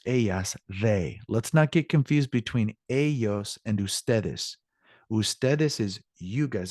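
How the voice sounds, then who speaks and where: A man's voice: fairly low pitch, expressive, measured pace, mellow, no room sound, clean studio sound. A man teaching a recorded Spanish lesson, explaining patiently and answering student questions.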